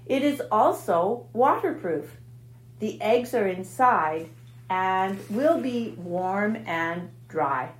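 A woman voicing a wise, weary female spider who speaks quietly and gently in a storybook reading. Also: mid-range voice, expressive, slow pace, roomy sound. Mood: gentle. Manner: quiet and gentle, weak-voiced.

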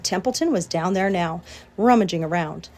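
A woman narrating a children's book aloud in an expressive storytelling manner. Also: fairly low pitch, normal speed, slight background noise. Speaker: audiobook reader.

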